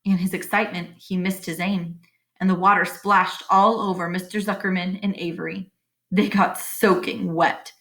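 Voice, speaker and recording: A woman's voice: on the low side, level tone, moderate pace, a bit bright. A woman reading a children's chapter book aloud with expression, stopping to explain the story to young listeners.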